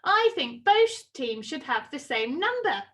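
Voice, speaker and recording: A woman reading a storybook, voicing an eager young girl spider in a high, bright voice. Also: sing-song, a little slow, exaggerated voice.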